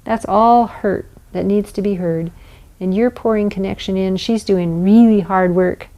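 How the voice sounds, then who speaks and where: Soft-spoken lady teaching parents, mellow warm tone. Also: mid-range voice, fairly even intonation, a little slow. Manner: gentle, explanatory, acts out scenes. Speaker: parenting educator. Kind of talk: instructional talk.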